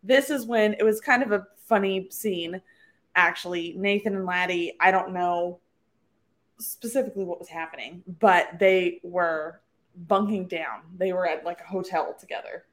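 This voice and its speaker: A woman's voice: fairly low pitch, moderate pace. A woman co-hosting a book podcast, talking in a chatty, reflective way with many fillers. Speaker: podcast co-host. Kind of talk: casual book-club chat.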